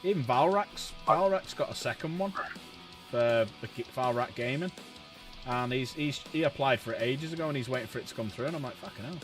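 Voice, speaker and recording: A man chatting casually while painting miniatures on a livestream, chatty and quick to laugh. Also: soft background music. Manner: chatty, laughs often, jumps in pitch when excited. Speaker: streamer and hobby painter.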